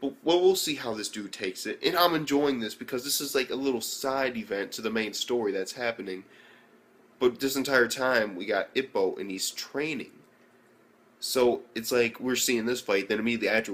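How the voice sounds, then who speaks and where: A man's voice: mid-range voice, a little fast, a bit bright. A man giving a casual, rambling video review of an anime, swearing constantly and acting out the scenes as he goes. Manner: profane, rambling, acts out scenes.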